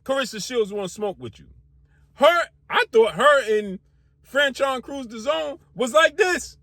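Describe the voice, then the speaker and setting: Heated high-voiced man ranting about boxing. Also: lively intonation, normal speed, sharp tone, no room sound, clean studio sound. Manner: rhetorical questions, heated and repetitive; slangy casual speech. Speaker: sports commentary host. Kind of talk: opinionated boxing commentary rant.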